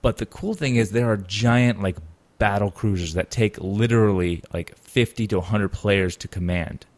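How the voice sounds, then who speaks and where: A man with a very low voice hosts a casual gaming podcast chat. He rambles along, piling up fillers and restarting his sentences. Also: moderate pace. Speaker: podcast host.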